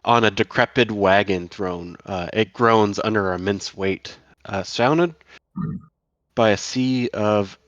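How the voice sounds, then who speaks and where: A man's voice: on the low side, measured pace, fairly bright tone, no room sound, dull audio. A man narrating a tabletop game as dungeon master, hesitant with many fillers.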